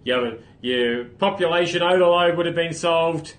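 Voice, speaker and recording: A man hosting a solo comic livestream, with wry deadpan asides and sudden loud outbursts. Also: on the high side, unhurried. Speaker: host. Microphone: phone camera.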